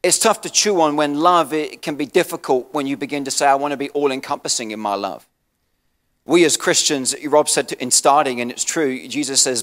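An English man preaching a sermon as pastor, swinging from soft and low to loud and passionate, often repeating and restarting words. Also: lively intonation, fairly quick, big-room sound. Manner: restarts and repeats words, self-deprecating asides.

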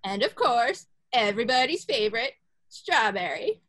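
A woman's voice: a little high, very animated, normal speed, fairly bright tone. A woman in a sketch comedy parody, playing a gushing big-cat sanctuary owner with a bubbly, singsong voice.

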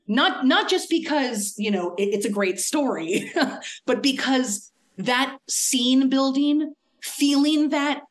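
Young adult woman, higher voice, animated casual storyteller who acts out quotes. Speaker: academic speaker.

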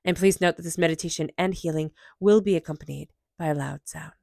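A woman's voice: deep voice, fast talker, gravelly, a little mellow, dry recording, studio quality. A woman giving an intuitive tarot reading, earnest and emphatic, with soothing repeated affirmations. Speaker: tarot reader.

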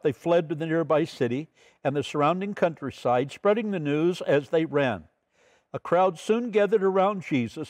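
A male pastor giving a measured midweek Bible study, telling stories and reading scripture aloud. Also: fairly high pitch, a little mellow, dry recording.

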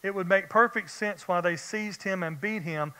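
A man preaching a sermon as pastor, animated and firing rhetorical questions at the congregation. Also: high voice, normal speed, clear, resonant tone. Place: church sanctuary. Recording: long church-hall reverb.

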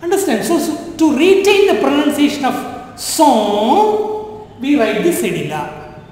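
A man's voice: very high-pitched, very animated, a little slow, darkish tone. A man teaching a French lesson in a drilling classroom style, repeating points and asking if students understand. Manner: repetitive, drilling, asks "understand?". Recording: echoey room with long reverb.

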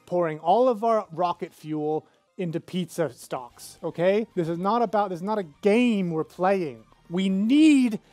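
A man's voice: sits high, unhurried, warm tone, no echo, faint music behind. A man with a British accent doing comedic game commentary as a mock motivational guru who rants and swears. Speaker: let's play host.

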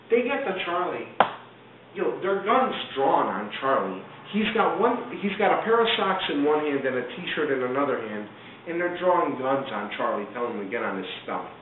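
Guy telling a sweary story all worked up, sounds like a phone line in an echoey room, bit of hiss. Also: on the high side. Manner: animated, swearing, acts out others' lines. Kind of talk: profane casual anecdote. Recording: tinny phone-like roomy recording, faint hiss.

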